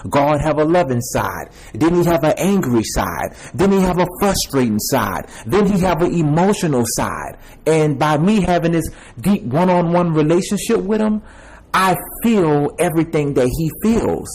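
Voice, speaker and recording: A man's voice: on the high side, lively intonation, moderate pace, a little mellow, poor audio. A young man giving a repetitive, emphatic personal testimony, addressing viewers as y'all and man. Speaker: self-made video preacher.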